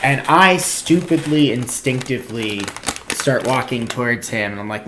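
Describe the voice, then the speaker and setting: A man's voice: mid-range voice, expressive, normal speed, noisy background. A man in casual podcast chat, telling a wry, self-mocking story. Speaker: comedian guest.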